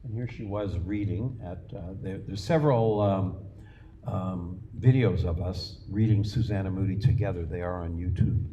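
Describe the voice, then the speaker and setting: Older male lecturer, low-pitched, chatty anecdotal storyteller, wry and self-mocking; noisy room recording. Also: warm tone, lo-fi sound. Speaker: guest lecturer, artist.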